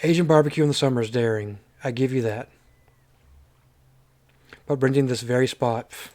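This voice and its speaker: A man's voice: medium pitch, moderate pace, a little mellow, natural voice. A man voicing a grumpy, bossy male chef who insults his partner. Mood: grudging. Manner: insulting, exasperated.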